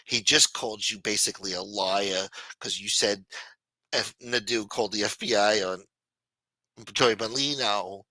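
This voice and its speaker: A man voicing a jilted ex-friend in a comic phone skit, low and pleading. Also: measured pace, pushed and bright, no room sound, exaggerated voice, poor audio. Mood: sulky. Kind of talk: comedic prank-call skit.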